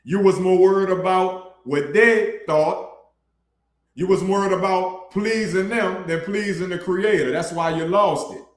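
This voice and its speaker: A man's voice: sits high, fairly even intonation, unhurried, echoey room. A man preaching a blunt, colloquial sermon for his online ministry, calling his listeners bro. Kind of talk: casual street sermon.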